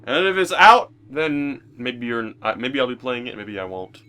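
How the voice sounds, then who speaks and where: A man's voice: mid-range voice, very animated, moderate pace, bright, forceful tone, smooth. A young man co-hosting a video game let's play, joking around and rambling with many restarts. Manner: jokey, rambling with repeated restarts. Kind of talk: casual gameplay chat.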